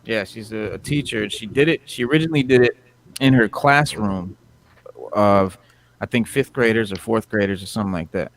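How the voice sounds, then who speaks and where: A man's voice: on the low side, normal speed. Rambling man hosting a podcast. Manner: rambling, fills with "like" and "you know". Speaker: podcast host. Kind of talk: casual chat.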